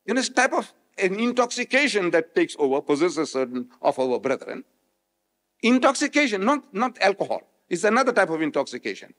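A man from South Africa giving a public religious lecture, switching between loud rhetorical questions and quiet explanation. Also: sits high, very animated, brisk. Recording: echoey hall, old remastered recording.

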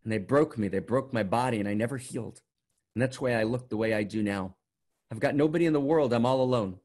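A man's voice: mid-range voice, fast talker, a little mellow, lightly acted. A man voicing a broken old hunchback street sweeper in a grave, plain retelling.

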